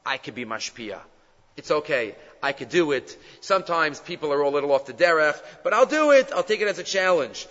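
A man's voice: fairly high pitch, expressive, fairly quick, a bit bright. A man voicing a young woman who reasons aloud about her marriage in an earnest, self-talking way. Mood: resolved. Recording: dull lo-fi sound with long reverb.

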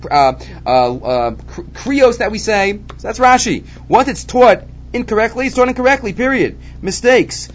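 A man teaching a Talmud lesson, animated and repeating his key points. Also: high-pitched. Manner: animated, repeats key points, mixes Hebrew and Aramaic terms. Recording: dull lo-fi recording with faint background noise.

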